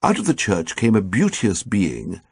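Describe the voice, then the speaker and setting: A man reading an audiobook in a dry, measured storytelling manner into a close studio mic. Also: on the low side, wildly swooping pitch, breathy edge, no room sound. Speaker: audiobook narrator. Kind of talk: scripted narration.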